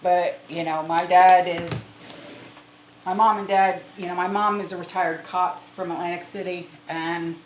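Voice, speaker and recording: A woman's voice: lowish voice, fairly even intonation, measured pace, a little hiss or hum. A middle-aged woman chatting casually to camera as a prepping vlogger, repeating herself and laughing now and then. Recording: echoey room.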